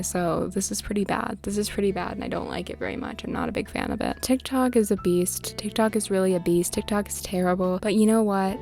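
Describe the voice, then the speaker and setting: A young woman chatting over her gameplay, her voice a bit gravelly with frequent vocal fry at a mid pitch. She rambles from topic to topic, sounds tired underneath, and keeps breaking into loud swearing rants and exaggerated complaints. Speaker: gaming YouTuber. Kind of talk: casual gameplay commentary.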